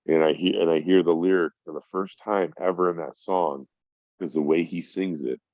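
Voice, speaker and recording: Very deep-voiced profane middle-aged man. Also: no room sound. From Minnesota. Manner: profane, heartfelt storytelling. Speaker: podcast guest. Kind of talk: casual chat. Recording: dull, dry lo-fi sound.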